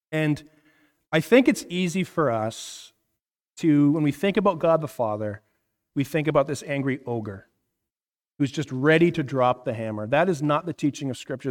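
A man in his thirties, a pastor preaching a conversational sermon, asking the room questions and often checking in with "right?". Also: on the high side. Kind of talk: interactive sermon teaching. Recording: reverberant hall.

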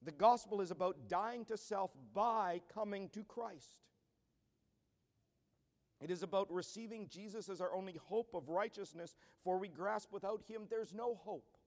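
A man's voice: high voice, measured pace. A man pastor preaching a sermon in an earnest style that builds to emphatic declarations. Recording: long church hall reverb.

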